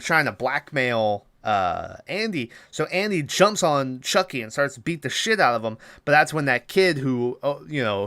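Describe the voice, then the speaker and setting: A man's voice: on the high side, a bit bright, no echo. A man hosting a podcast, casually retelling a movie plot in a rambling, profane way with lots of filler words. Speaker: podcast host.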